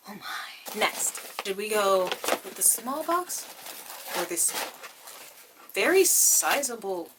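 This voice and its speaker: A woman's voice: mid-range voice, sing-song, slow pace, long pauses, noisy background. A young woman vlogger chatting through an unboxing, gasping and gushing, often saying "y'all". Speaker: beauty vlogger. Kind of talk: excited unboxing chat.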